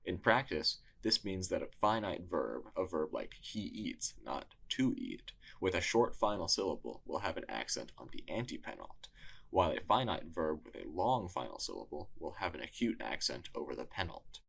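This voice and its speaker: A man narrating a scripted lesson in a measured, explanatory way. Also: low voice, big pitch swings, creaky, a bit bright, husky. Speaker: tutor.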